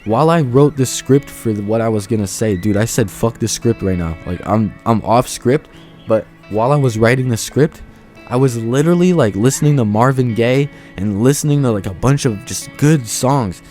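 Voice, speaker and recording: An actor playing a laid-back young amateur musician, telling a rambling, slangy, off-script story to the camera. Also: male voice, medium pitch, animated, normal speed, a little mellow, soft background music, natural voice. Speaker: aspiring musician.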